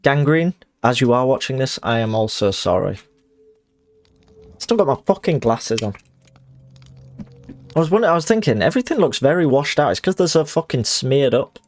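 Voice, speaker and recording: A man's voice: medium pitch, very animated, moderate pace, pauses often. A man chatting casually on a live stream, rambling and self-mocking, swearing freely.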